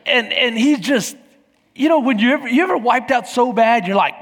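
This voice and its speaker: Preacher, high gravelly voice, lively storytelling, echoey sanctuary. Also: male voice, brisk. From Texas. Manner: animated, acts out quoted voices. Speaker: pastor. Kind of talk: sermon with storytelling. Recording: echoey hall.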